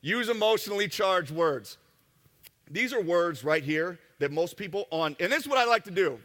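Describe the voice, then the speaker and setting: Male seminar speaker, brash and joking, bright tone, echoey hall. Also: high voice, animated. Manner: brash, joking, rapid asides to the audience. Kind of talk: live seminar talk. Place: event room with an audience.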